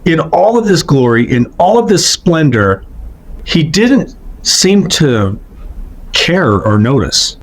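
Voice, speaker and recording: A man giving earnest testimony in a slow, reverent, emphatic way. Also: fairly high pitch, very animated. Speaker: near-death experience witness.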